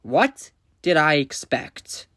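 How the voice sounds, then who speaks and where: A woman doing reaction commentary in an exasperated, ranting way, her voice strained from yelling. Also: sits low, very animated, slow, no room sound, studio quality. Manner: exasperated, ranting, swings into outbursts. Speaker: commentary creator.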